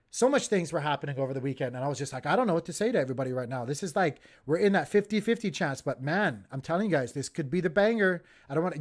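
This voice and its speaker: A man hosting a casual crypto livestream, giving excitable, jokey market commentary straight to his viewers. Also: a little high.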